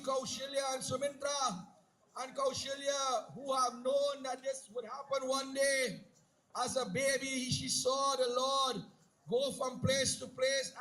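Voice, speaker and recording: High bright-voiced male commentator. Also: rough recording. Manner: storytelling, lively, mixes narration with acted speech. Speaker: live commentator and narrator. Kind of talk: live folk-drama commentary.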